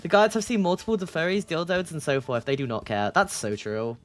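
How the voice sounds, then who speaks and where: Giggly, animated game streamer. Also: medium pitch, brisk, soft background music. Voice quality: giggly, chatty, laughs often. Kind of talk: reading a text game aloud and chatting.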